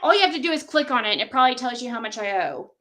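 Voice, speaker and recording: High, bright-voiced woman ranting on stream. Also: lively intonation, racing. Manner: profane, heated, talks straight to her chat. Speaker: livestreamer. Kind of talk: angry livestream rant to chat.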